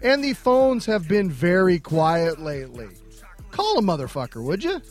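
A man's voice: sits high, very animated, normal speed, faint music behind. A man hosting a comedy podcast, talking in an upbeat, casual way and swearing freely. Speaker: podcast host.

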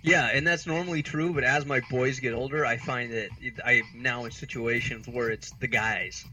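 A man's voice: medium pitch, steady tone, normal speed, over music, poor audio. A man in his thirties from the United States, a podcast co-host telling rambling, exasperated, self-mocking comic stories. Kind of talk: casual comedic storytelling.

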